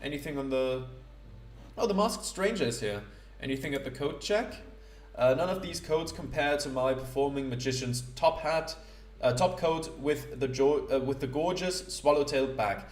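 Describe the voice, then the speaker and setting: A man narrating his playthrough of a game in casual commentary, halting and self-deprecating, with many fillers. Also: mid-range voice. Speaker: let's play host. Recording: roomy echo.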